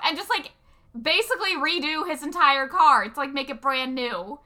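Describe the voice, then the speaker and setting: A woman's voice: sits high, big pitch swings, a little slow, pushed and bright. A young woman co-hosting a podcast who jokes and giggles while casually recapping a movie, saying "like" often. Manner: giggly, joking, heavy use of filler "like". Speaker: podcast co-host.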